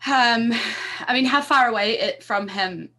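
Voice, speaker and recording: A woman with a bright, forward voice describes her character's actions in a tabletop game. She talks casually, hedging with fillers as she goes. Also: fairly high pitch, measured pace. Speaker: player.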